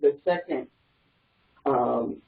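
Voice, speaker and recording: A man taking part in an online class, answering in halting fits and restarting his words as he makes a point. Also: mid-range voice, gravelly. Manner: halting, repeats words while finding a point. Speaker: class participant. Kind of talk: casual discussion on a call. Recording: tinny, echoey phone-like audio from far off the mic.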